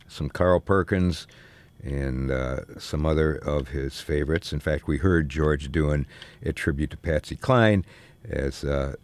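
A man's voice: very deep voice, no echo. An older man hosting a radio music show, talking in a rambling, laid-back way with lots of hesitations and fillers. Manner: rambling, many filler ums and restarts. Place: radio studio.

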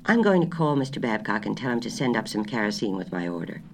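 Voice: medium pitch, big pitch swings, fast, gravelly, a little hiss or hum. Older wife, patient and flustered, a reader puts her on, polite and placating, storybook. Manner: polite, placating, slightly raised voice.

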